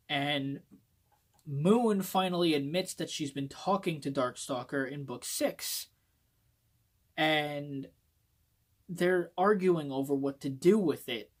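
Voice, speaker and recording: Male vlogger, casual phone-recorded book review, excitable and profane, rambling delivery. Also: on the high side, takes it slowly. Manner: rambling, swears often, excitable.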